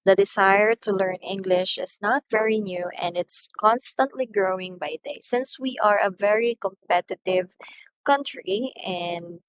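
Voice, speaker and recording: A woman with a Filipino accent teaching English pronunciation, slowly repeating each example word so it can be drilled. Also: medium pitch, no echo, rough recording. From Philippines. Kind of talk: online lesson on English pronunciation.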